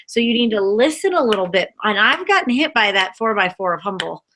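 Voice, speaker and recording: A woman co-hosting a casual spiritual chat, reading oracle cards and acting out lively quotes with frequent laughs. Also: medium pitch, brisk, a little hiss or hum. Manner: animated, laughs often, acts out quotes. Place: Boulder area.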